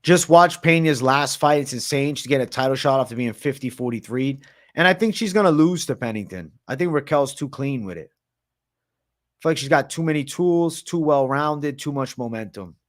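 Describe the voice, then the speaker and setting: Brief: man, livestream host, relaxed slangy chatter, mid-pitched everyday voice. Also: normal speed. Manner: slangy, laid-back, chatty. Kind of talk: casual late-night livestream Q&A.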